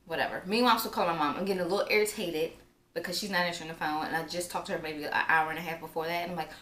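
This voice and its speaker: A woman's voice: fairly low pitch, fairly even intonation, racing, fairly bright tone. A young woman telling a personal story in a casual, chatty way, with lots of filler words. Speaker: vlogger. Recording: roomy echo, faint background noise.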